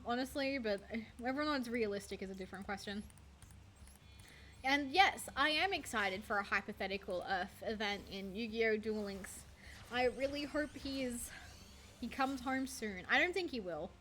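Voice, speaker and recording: A young woman on a desk streaming mic, with a bright, slightly high voice that rambles happily between card plays. She pokes fun at herself and drops the odd swear, with faint hiss underneath. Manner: rambling, chatty, self-deprecating, swears casually. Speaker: VTuber streamer. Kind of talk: casual gaming stream chat.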